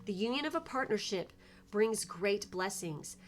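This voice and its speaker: A woman's voice: mid-range voice, lively intonation, a little slow. A young woman co-hosting a casual tarot reading, emotional and effusive, swearing casually as she reads the cards. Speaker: tarot reader.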